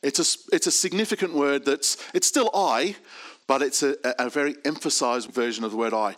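A man preaching a sermon, reading scripture aloud and stressing key words in a deliberate way. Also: medium pitch, fairly bright tone.

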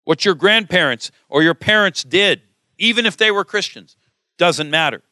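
A man's voice: sits high, normal speed, pushed and bright, dry recording, clean studio sound. A middle-aged man preaching a sermon, emphatic and full of rhetorical questions.

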